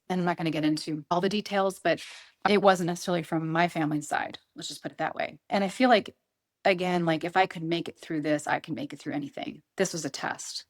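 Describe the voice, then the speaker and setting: Earnest middle-aged woman, fairly low voice. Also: steady tone, quick pace. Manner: earnest, repeats herself, quotes her own thoughts. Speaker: guest. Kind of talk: emotional interview conversation.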